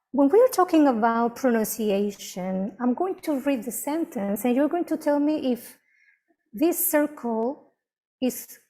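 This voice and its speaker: A woman with a Mexican Spanish accent leads an online English lesson over a video call. Her voice sits a little high with a mellow, soft tone, and she keeps checking in with her students. She sounds patient and encouraging. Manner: encouraging, checks with "right?" and "okay?". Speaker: English teacher. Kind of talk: online class teaching.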